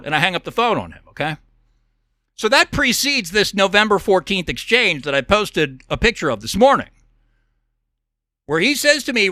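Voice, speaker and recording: A podcast host delivers a profane, heated monologue in a high voice that swings widely in pitch. His tone is bright and forceful, and he clears his throat often. The sound is dry and close. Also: very animated, normal speed, pauses often, dry recording. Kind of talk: angry monologue rant.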